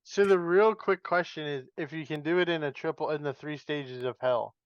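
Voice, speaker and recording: A man's voice: fairly high pitch, moderate pace, clear, resonant tone, dry recording, muffled recording. A man hosting a podcast, leading casual wrestling chat and laughing easily. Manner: leads questions, laughs easily. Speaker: podcast host.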